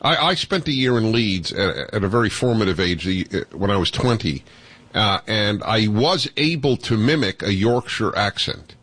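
A man's voice: fairly low pitch, animated, moderate pace, fairly bright tone. A man hosting a radio talk show, effusive and jokey, sometimes talking over his guest. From United States.

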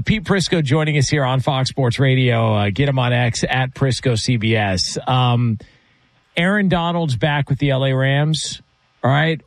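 A man hosting a sports radio show, relaxed and chatty as he tells a story and introduces a guest. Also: medium pitch, no echo.

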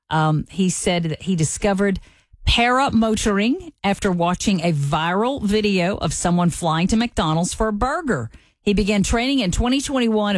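A woman's voice: mid-range voice, no echo, clean studio sound. Upbeat woman radio co-host. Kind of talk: morning radio news chat.

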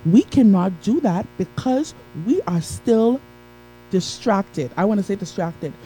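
A woman delivers a motivational talk on a live stream, with a rich, very dark and mellow tone. She is emphatic and preachy, circling back to her key phrases. She breaks off now and then to greet viewers by name. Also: mid-range voice, animated, measured pace, soft background music, poor audio.

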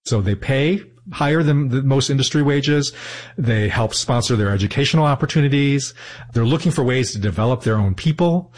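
A man's voice: mid-range voice, moderate pace. A man being interviewed, explaining his ideas earnestly and thoughtfully, often restarting mid-sentence. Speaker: interview guest.

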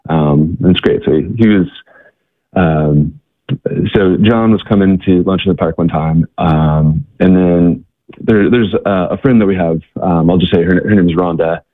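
Low-voiced earnest man on a tinny line. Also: steady tone, no room sound. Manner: halting, many restarts and fillers, earnest. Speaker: guest, missionary organization worker. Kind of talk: interview storytelling. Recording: tinny phone-like line, dry.

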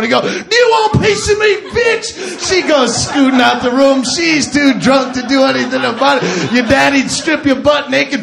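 A male stand-up comedian doing a shouted, mock-nostalgic rant on stage, recorded live in a comedy club. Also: extremely high pitch, gravelly. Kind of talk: stand-up routine. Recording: live club set with crowd laughter.

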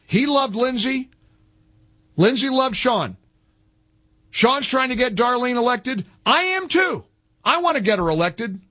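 A man's voice: extremely high pitch, animated, measured pace, long pauses, bright, forceful tone. A man hosting a talk radio show, delivering a fired-up political rant that is emphatic and repetitive. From American South. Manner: emphatic, repetitive, restarts mid-sentence.

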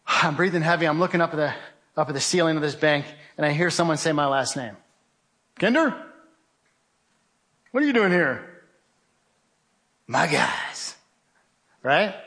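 A man's voice: fairly high pitch, a bit bright. A man giving a vivid, urgent testimony talk, telling a survival story with remarks of faith. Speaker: guest speaker.

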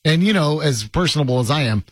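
Sarcastic husky radio host, lively pitch. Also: male voice, quick pace, no echo. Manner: sarcastic, teasing, grumbling. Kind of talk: sports radio banter. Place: radio studio.

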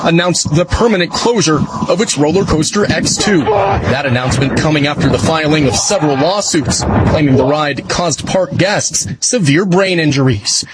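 A man delivering a scripted TV news report in a measured, formal way, played as a clip. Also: on the high side, heavy background noise.

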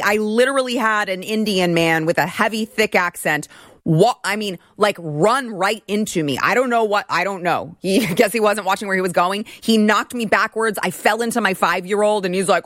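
A woman's voice: medium pitch, lively intonation, moderate pace, fairly bright tone, dry recording, studio quality. A woman in her thirties hosting a political commentary show, talking in an indignant, ranting way.

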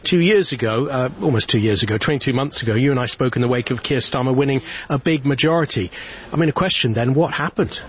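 Radio news presenter, muffled broadcast sound. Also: male voice, medium pitch, quick pace. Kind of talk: live radio news interview. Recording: muffled broadcast with faint noise.

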